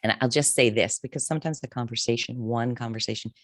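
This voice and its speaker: A woman's voice: fairly even intonation, quick pace, no echo. Woman in her fifties, career coach guest, candid emotional storytelling, dry close-miked sound. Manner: candid, emotional, wide swings in pitch. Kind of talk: interview storytelling.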